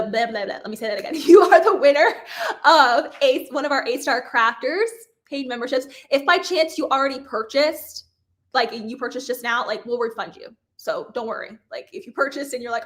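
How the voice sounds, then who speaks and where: A bubbly woman in her thirties runs a live craft giveaway with a bright, fairly high voice. She chats freely, laughs easily and cheerfully apologizes whenever she fumbles a name. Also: fairly quick. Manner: bubbly, chatty, laughs often, apologizes over names. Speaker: craft host. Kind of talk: live-stream giveaway chat.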